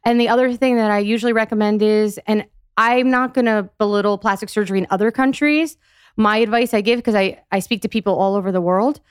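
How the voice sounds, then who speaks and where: Emphatic woman guest explaining clearly. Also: medium pitch, no echo, clean studio sound. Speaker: physical therapist guest. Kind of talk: podcast interview.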